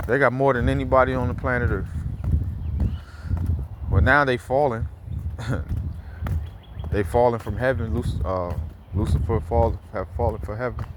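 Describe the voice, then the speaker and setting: A man's voice: medium pitch, noisy background. A man giving casual, heated commentary while out walking, rambling with fillers and repeats, swearing freely. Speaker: scripture commentator. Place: outdoors, walking around a neighborhood.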